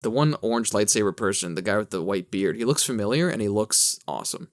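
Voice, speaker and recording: Man, slight lisp, low voice, casual podcast chat, rambling. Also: lively intonation, fast talker. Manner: rambling, self-correcting, laughs at own jokes. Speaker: podcast co-host.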